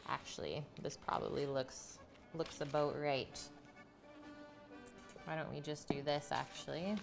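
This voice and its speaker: A woman's voice: low voice, steady tone, measured pace, gravelly, over music. A woman hosting a live cooking stream, chatting and giggling with her viewers from her home kitchen. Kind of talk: casual live-stream chat while cooking.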